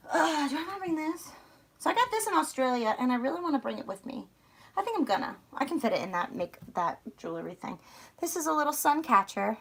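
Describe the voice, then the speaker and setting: A young woman from outside Philadelphia with a slight Philly accent, chatting casually and rambling on a livestream while she packs, a little hoarse. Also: a little high, fairly bright tone. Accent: Philadelphia area. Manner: chatty, rambling, self-mocking. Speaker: vlogger.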